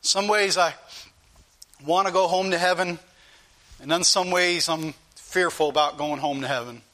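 A man's voice: fairly high pitch, moderate pace, bright, forceful tone. A male pastor preaching an earnest, repetitive sermon that rises into pleading questions to his congregation.

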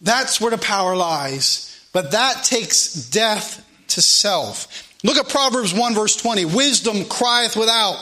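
High bright-voiced man preaching. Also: animated, takes it slowly. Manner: emphatic preaching, reading scripture aloud. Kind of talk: sermon.

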